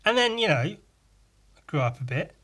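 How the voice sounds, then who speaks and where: A man's voice: fairly high pitch, big pitch swings, normal speed, a bit bright, breathy edge. A man with an English accent hosting a podcast, ranting casually with sardonic, sweary, mock-outraged asides. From England. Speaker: podcast host. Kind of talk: casual solo rant.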